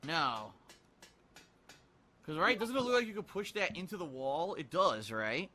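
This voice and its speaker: A man's voice: on the high side, sing-song, a little slow, pushed and bright. A man muttering his way through a video game, frustrated and swearing often. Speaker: let's play gamer. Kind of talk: live gameplay commentary.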